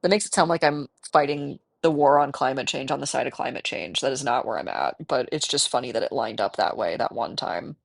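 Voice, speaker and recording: Gravelly woman chatting while gaming. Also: extremely low pitch, animated, a little fast, hardly any pauses. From American Midwest. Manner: chatty, rambling, self-mocking, talks to game animals. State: has a cold. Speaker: gaming streamer. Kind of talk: casual gameplay chat.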